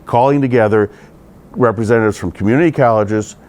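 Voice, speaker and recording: A man's voice: on the low side, a little fast, a little mellow. A middle-aged man, a state legislator, answering interview questions in an earnest, conversational way.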